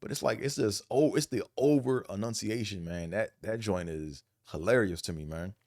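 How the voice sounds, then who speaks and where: Man host from Buffalo, Buffalo accent, low-pitched, rambling profane monologue, dry close sound. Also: moderate pace, a little mellow, no room sound. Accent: Buffalo, New York. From Buffalo, New York. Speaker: vlog host. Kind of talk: casual monologue.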